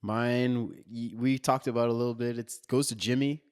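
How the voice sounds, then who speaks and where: An excitable male podcast co-host raving about action films, swearing for emphasis and quoting lines from scenes. His voice is recorded close and dry. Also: medium pitch, moderate pace, smooth, no echo. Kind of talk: casual chat.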